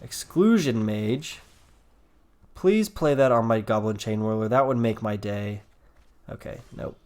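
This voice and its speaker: A man's voice: lowish voice, measured pace, a little mellow. Self-mocking man narrating his card game. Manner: rambling, self-deprecating, thinking aloud with fillers. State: yawning, a little tired. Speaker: gameplay commentator. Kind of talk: casual gameplay commentary.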